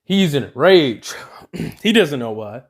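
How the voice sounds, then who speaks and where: A man's voice: a little high, sing-song, slow. A man casually narrating a made-up fan story, rambling along with plenty of fillers and self-corrections.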